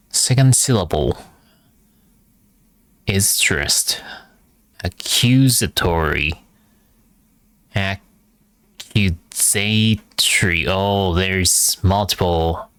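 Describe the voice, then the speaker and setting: A man reading aloud for practice, halting and hesitant, repeating words as he sounds them out. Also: deep voice, fairly bright tone, smooth, no room sound. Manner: frequent filler hesitations. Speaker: language learner reading aloud. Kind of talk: reading practice with pronunciation drills.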